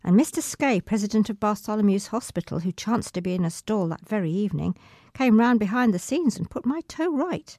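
Woman reading an old memoir, expressive, dry close sound. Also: medium pitch, brisk, no echo. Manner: expressive first-person reading. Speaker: reader.

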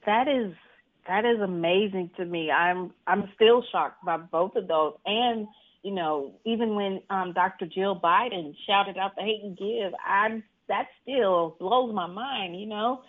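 A woman from Mississippi, an author, telling stories in an animated way from home, laughing often and acting out what people said. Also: unhurried. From Mississippi, USA. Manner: animated, laughs often, acts out quotes in a higher voice. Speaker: author being interviewed. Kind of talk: casual storytelling interview. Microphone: video call. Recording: tinny video-call audio.

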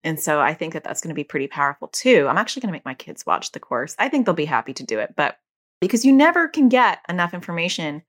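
A middle-aged woman, a mother and parent educator, explaining casually and acting out quoted lines in a higher voice. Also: very animated, fast talker, a bit bright. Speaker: parent educator teaching about OCD.

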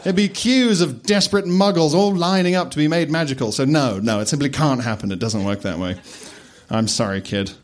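A man's voice: a little high, fairly quick, natural voice. A crude, lazy old wizard headmaster who drawls casually and swears freely, as a man puts him on. He is a comic storybook figure with a gleeful, chuckling manner. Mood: laid-back. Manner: laid-back, swearing, chuckling.

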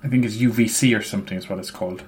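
Low-voiced man chatting tentatively about a game. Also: racing, a little hiss or hum. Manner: hesitant, tentative, explanatory. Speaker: podcast co-host. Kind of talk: casual game discussion chat.

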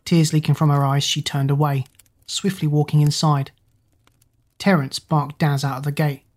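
A woman narrating a children's storybook, reading the narration between lively character lines. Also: low-pitched, normal speed. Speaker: audiobook narrator.

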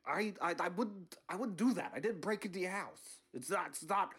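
A man doing a husky, rambling old politician. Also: high-pitched, moderate pace, fairly bright tone, voice pushed up. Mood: pleading. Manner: rambling, stammering, repeats words. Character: brash older male politician sneaking into a house.

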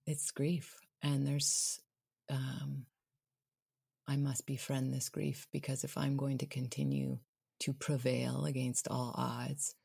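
Low, husky woman guest, searching and heartfelt, dry close mic. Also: little pitch movement, slow, warm tone, dry recording. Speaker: podcast guest. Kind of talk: reflective conversation.

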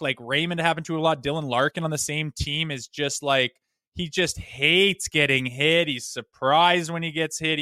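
A man's voice: a little high, pushed and bright, clean tone, dry recording, studio quality. A man co-hosting a hockey podcast, breaking down hits in a blunt, folksy way. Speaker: co-host, former player. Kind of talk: casual sports talk.

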